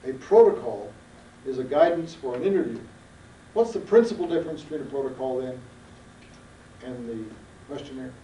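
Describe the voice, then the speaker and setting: A man with a dark, mid-range voice teaches a research seminar in a lecture room, questioning students in a folksy, emphatic style. His intonation is lively, his pace moderate, and he takes long pauses. The archival tape, made from a distance, sounds roomy and carries a little hiss or hum.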